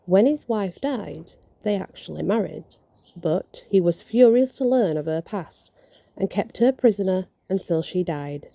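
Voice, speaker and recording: A woman's voice: on the low side, gravelly, dark tone, no room sound. A woman reading ghost stories from notes outdoors, stumbling now and then and correcting herself, with casual asides.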